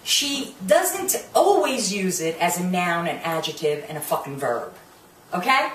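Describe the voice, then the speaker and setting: A woman's voice: fairly low pitch, big pitch swings, measured pace, fairly bright tone, distant mic, a little hiss or hum. Brash foul-mouthed New woman. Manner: brash, swearing, drops Italian curses, mocks cast members. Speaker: reality TV reviewer. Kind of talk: profane ranting show review. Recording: echoey room, voice a bit off-mic, faint ambience.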